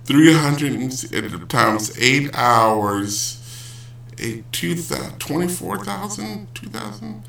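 A man's voice: on the high side, expressive, slow, vocal fry, fairly bright tone. A man rambling casually in a vlog, joking and correcting himself as he goes. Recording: roomy, distant, poor audio.

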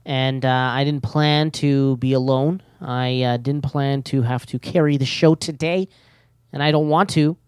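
A man's voice: mid-range voice, fairly even intonation, a little slow, clean tone, dry recording, studio quality. A man hosting a podcast alone, rambling nervously with many fillers and jokes at his own expense. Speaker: podcast host. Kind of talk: casual solo podcast chat.

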